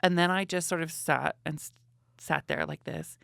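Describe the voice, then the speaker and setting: Bright, animated male storyteller. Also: on the high side, normal speed, creaky, no echo, clean studio sound. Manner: animated, theatrical, acts out quotes. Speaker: podcast guest. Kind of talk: comedic storytelling.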